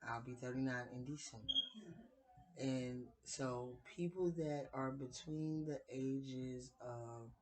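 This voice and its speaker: A woman in her late thirties sharing her opinions in a casual vlog, speaking in a deliberate, conversational way with playful dramatic asides. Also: a bass voice, a little mellow, rough recording. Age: 30s. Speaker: vlogger.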